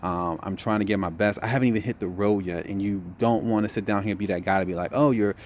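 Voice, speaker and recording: A tired young man telling a story in a casual vlog update, relaxed, saying "man" a lot. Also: fairly low pitch, fast, a little hiss or hum. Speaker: trucking vlogger.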